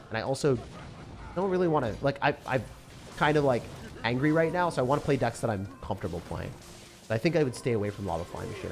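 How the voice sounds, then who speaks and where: A young man streaming a game live, reacting loudly and then mumbling low as he talks through decks. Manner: excitable, swings from shouting to low mumbling. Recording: faint music behind.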